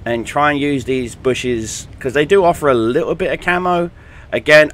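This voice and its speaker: Full of fillers like um and uh, this casual, jokey gameplay commentary comes from a young British man on YouTube. His voice is medium in pitch and fairly bright, with slight background noise.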